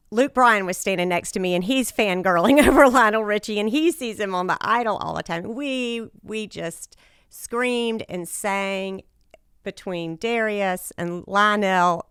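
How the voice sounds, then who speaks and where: Raspy-voiced woman podcast host. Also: on the low side, fairly bright tone, no echo, studio quality. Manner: chatty, enthusiastic storytelling. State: raspy voice after a loud night. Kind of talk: casual solo podcast talk.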